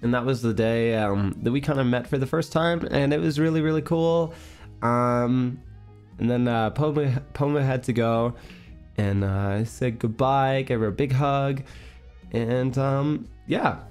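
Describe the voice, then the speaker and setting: A man's voice: mid-range voice, a little slow, a little mellow, clear, resonant tone, faint music behind. A congested young man hosting a livestream, telling a story in casual chat with lots of fillers and frequent laughs. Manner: rambling, laughs often, many fillers. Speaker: livestream host.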